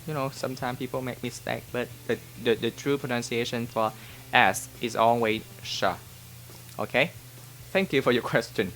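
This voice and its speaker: A man's voice: medium pitch, steady tone, moderate pace, fairly bright tone, a little hiss or hum. Vietnamese-accented man teaching casually. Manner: chatty and informal, often checking in with the viewer. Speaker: language teacher answering viewer questions. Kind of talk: casual Q&A lesson to camera.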